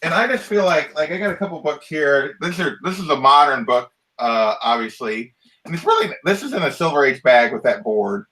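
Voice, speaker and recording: A man's voice: fairly high pitch, lively intonation, fairly quick, sharp tone, low-quality recording. A man co-hosting a casual chat, explaining things in an agreeable, talkative way. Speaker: co-host.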